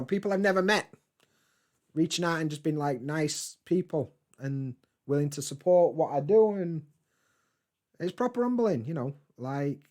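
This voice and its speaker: A man chatting casually on a live stream, reading and answering chat comments in a relaxed, swearing, laughing way. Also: a little high. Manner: laid-back, chatty, swears freely, laughs often.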